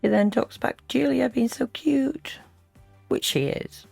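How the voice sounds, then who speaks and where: A woman's voice: high voice, big pitch swings, unhurried, vocal fry, darkish tone, slightly rough, soft background music. A woman giving dry, wry commentary over a played stream. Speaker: reaction video commentator.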